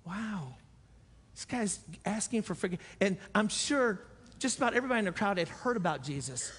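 A man's voice: high voice, animated, fast, fairly bright tone. A man preaching a sermon as pastor, earnest and repeating phrases for emphasis. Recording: echoey church hall.

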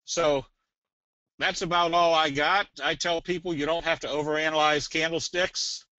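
A man's voice: a little high, fairly even intonation, normal speed, sharp tone, no echo. Folksy man presenting a trading webinar. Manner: folksy, joking, salesy. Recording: dull dry webinar audio.

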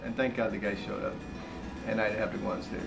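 A man telling a lively anecdote about a friend in an interview, speaking casually and getting worked up as he goes. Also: on the low side, quick pace, creaky, over loud music, low-quality recording. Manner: animated storyteller, builds to excitement. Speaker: friend and colleague.

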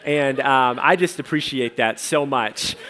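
A man's voice: medium pitch, a little slow, sharp tone. A young man, a pastor, preaching a casual sermon in a church and telling stories with playful imitations of other people. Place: church sanctuary.

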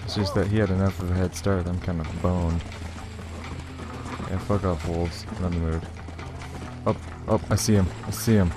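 A man's voice: low voice, steady tone, normal speed, pauses often. A young man commentating his gameplay, frustrated and swearing constantly over game music and hoofbeats. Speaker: let's play gamer. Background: game music and horse hooves.

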